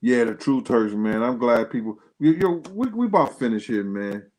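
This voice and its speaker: An average-pitched man hosting a casual livestream. He talks straight to his viewers in loose slang. His voice jumps sharply higher when he gets worked up. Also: animated, moderate pace, a little mellow, rough recording. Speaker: livestream host.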